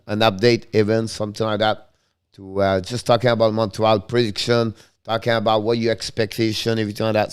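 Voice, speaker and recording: Male stream host, smooth resonant voice, halting and full of fillers. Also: mid-range voice. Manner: halting, many fillers, thanks viewers by name. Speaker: hockey live stream host. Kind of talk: casual live stream chat with viewers.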